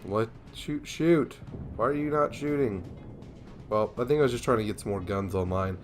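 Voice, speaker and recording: A man's voice: medium pitch, moderate pace, faint music behind. A young man giving casual, rambling commentary over a naval war game, sleepy and yawning, joking at himself. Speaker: gameplay commentator.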